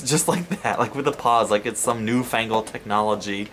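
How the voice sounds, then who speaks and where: A man hosting a let's play, telling a story in a chatty, animated way over gameplay, swearing casually. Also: on the low side, brisk, slight background noise. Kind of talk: casual gameplay commentary and anecdote.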